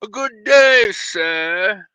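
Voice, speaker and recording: A man putting on a deliberately bad British accent as an overly formal English gentleman. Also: high-pitched, lively intonation, clean tone, no room sound, pitched above the performer's own voice, full character voice. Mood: mock-posh. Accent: exaggerated fake British. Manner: stiff, theatrical politeness.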